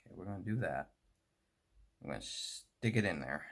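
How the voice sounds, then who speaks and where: A man's voice: deep voice, lively intonation, moderate pace, vocal fry. An American man chatting casually and rambling while servicing a model train, often laughing at his own remarks. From United States. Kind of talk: casual chat while working.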